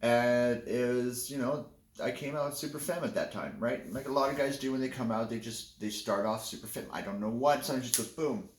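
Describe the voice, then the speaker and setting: A man's voice: mid-range voice, a little fast, roomy sound. A man telling a candid personal story in a casual, rambling way, often restarting his sentences. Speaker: vlogger.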